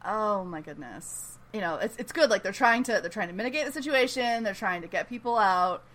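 A woman giving a casual, animated episode recap, chatty and full of "like" and "you know.". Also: mid-range voice, a little fast. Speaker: podcast host recapping a TV episode. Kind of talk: casual chat.

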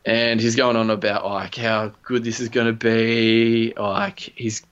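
A man's voice: fairly low pitch, level tone, unhurried, fairly bright tone, smooth, dull audio. A man, co-hosting a casual podcast and retelling a game story with lots of swearing and quoted voices. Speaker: podcast co-host.

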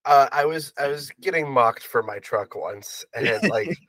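A young man co-hosting a podcast, joking in a deadpan, self-deprecating way. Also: medium pitch, measured pace, no echo. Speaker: podcast co-host. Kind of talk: casual chat.

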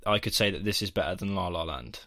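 A man's voice: sits low, expressive, fast talker, fairly bright tone. A man co-hosting a podcast in casual chat, hesitant and dry, often trailing off. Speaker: podcast co-host.

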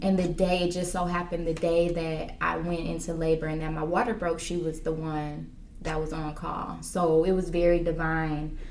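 A woman's voice: deep voice, level tone, normal speed, a little mellow, slight background noise. A woman working as a doula, telling her story in an earnest, reflective way with many fillers. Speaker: doula, guest. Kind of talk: personal storytelling in an interview. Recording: roomy, from a distance.

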